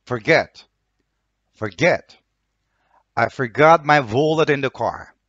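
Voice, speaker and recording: Turkish accent guy reading english words twice each, slow and careful, dry muffled sound. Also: mid-range voice, fairly bright tone, dry recording. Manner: says each word twice, then reads an example sentence. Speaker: language teacher. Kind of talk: reading vocabulary words and example sentences.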